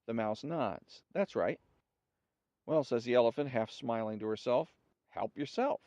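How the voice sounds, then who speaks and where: A man hosting a show, reading jokes aloud in a relaxed storytelling way and acting out the characters' lines. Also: medium pitch, normal speed, no echo, highs cut off. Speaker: host.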